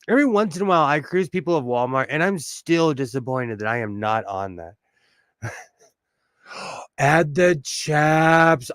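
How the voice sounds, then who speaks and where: Laughing, animated man chatting on a livestream. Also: on the high side, no echo. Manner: chatty, laughs often, self-mocking. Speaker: sewing livestream host. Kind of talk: casual live stream chat.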